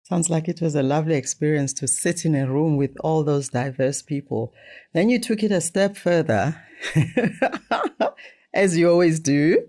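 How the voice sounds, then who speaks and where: A woman's voice: low-pitched, animated, a little slow, dark tone. A woman hosting a podcast interview, chatty and teasing, laughing often. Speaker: podcast host. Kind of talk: conversational interview.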